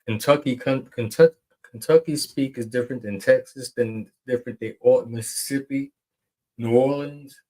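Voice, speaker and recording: A man's voice: medium pitch, normal speed, mellow, poor audio. A man co-hosting a podcast, rambling and teasing in casual chat. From New York. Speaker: podcast co-host.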